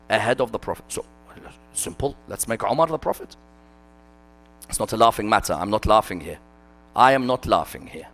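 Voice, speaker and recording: Male lecturer, fervent sermon style, highly animated pitch, loud then hushed. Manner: impassioned, rhetorical questions, swings from loud to hushed. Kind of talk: religious lecture. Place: mosque hall.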